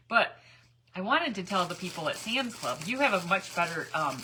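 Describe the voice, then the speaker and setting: A middle-aged woman chats through a crafting live stream, greeting viewers by name between rambling stories. Her voice is bright and sharp, with a pitch that jumps around a lot. She laughs often as she talks. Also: sing-song, normal speed, a little hiss or hum, rough recording. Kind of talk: chatty storytelling while dyeing eggs.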